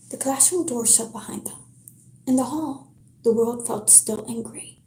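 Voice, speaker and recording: A woman reads a novel aloud on a live stream in a soft, careful whisper, taking her time over each line. Her voice is fairly high yet mellow. It sits in a roomy echo with a faint hiss behind it. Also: unhurried. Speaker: live-stream book reader. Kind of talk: whispered book reading.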